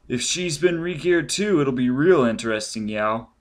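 A man reading an audiobook, putting on the voices of teasing male intelligence crewmen, pitched higher and louder than his narration. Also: lively intonation, moderate pace, natural voice.

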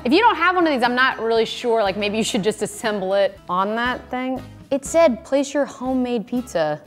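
A woman's voice: on the high side, expressive, a little fast, faint music behind. A woman producer reviewing a kitchen gadget in a casual vlog, chatty and playful, thinking aloud with lots of "like"s. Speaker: food video producer testing a kitchen gadget.

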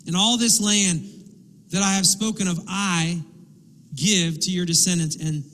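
High-voiced preacher in a reverberant church. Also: male voice, fairly even intonation, a little slow, fairly bright tone. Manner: impassioned preaching, acting out pleading quotes. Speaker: pastor. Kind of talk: sermon. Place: church sanctuary. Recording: long hall reverb.

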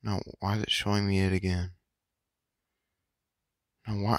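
A man giving slangy, boastful, rambling let's-play commentary in a hushed voice late at night, with a frog in his throat and his voice cracking. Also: on the low side, fairly even intonation, normal speed, no echo, clean studio sound. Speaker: gamer. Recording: game music playing clearly underneath. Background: game music.

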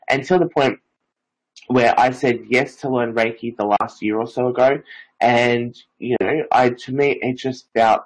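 A man's voice: mid-range voice, fairly even intonation, normal speed, low-quality recording. A nineteen-year-old man, a psychic medium and Reiki master, telling stories in a casual, rambling interview full of filler phrases.

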